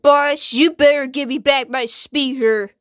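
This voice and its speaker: A stubborn, whiny washing machine with a moody streak, played by a woman, talking slowly in a fairly high voice with defiant, slangy comebacks. The sound is dry and close, with no room around it. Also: fairly even intonation, no room sound. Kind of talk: homemade skit voice acting.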